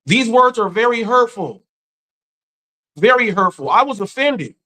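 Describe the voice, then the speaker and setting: A grieving man hosting a live stream, speaking earnestly in a halting way and often repeating his words. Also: very high-pitched, lively intonation, pushed and bright, poor audio. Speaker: live-stream commentary host. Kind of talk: emotional live-stream rant.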